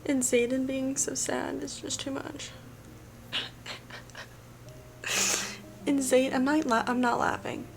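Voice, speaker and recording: A woman's voice: high-pitched, flat delivery, slow pace, vocal fry, pauses often, background noise. A woman vlogging about her reading in a casual, gushing way, rambling with lots of fillers. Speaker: book vlogger. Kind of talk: casual chat.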